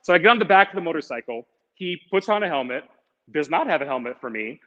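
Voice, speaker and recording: A young man tells a comic personal story in a loose, animated way. His voice sits a little high for a man. The sound carries a long hall reverb and is a bit muffled. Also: fast. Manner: casual, animated, lots of "like". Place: event space, streamed online.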